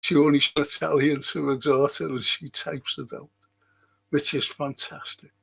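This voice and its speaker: A man's voice: fairly high pitch, little pitch movement, normal speed, gravelly, slightly rough. A man hosting a livestream, chatting casually and reading viewer comments aloud. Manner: reads viewer comments aloud, chatty and warm-hearted asides. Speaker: livestream host reading chat.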